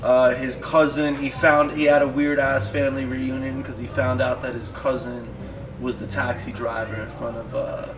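Over loud background music picked up by a distant mic, a man in his thirties who hosts a podcast tells a meandering, foul-mouthed story while chatting casually and laughing. His voice is medium-pitched and level at a moderate pace, with background noise present.

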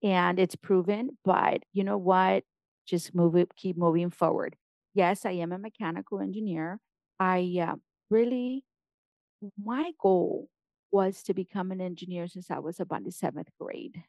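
Gravelly, upbeat Mexican-born woman guest. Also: lowish voice, a little slow, no room sound, muffled recording. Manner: energetic, repeats punchy phrases. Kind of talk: motivational interview talk.

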